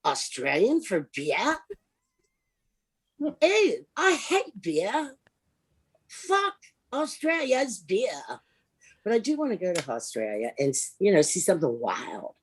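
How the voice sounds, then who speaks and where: A woman doing improvised stand-up on a livestream, brash and profane, swinging from loud outbursts to low mutters. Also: wildly swooping pitch, slow pace, pauses often, breathy edge. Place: home, over a livestream.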